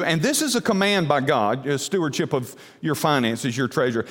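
A man's voice: fairly high pitch, sing-song, normal speed, a bit bright. A male pastor delivering a folksy sermon in a church, with frequent fillers and restarts. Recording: long hall reverb.

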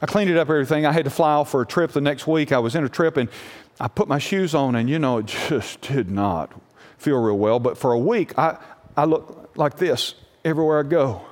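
A man preaching a sermon as pastor, telling a personal story with lively energy and often asking the congregation questions. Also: fairly high pitch, a little fast, in a large hall. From United States.

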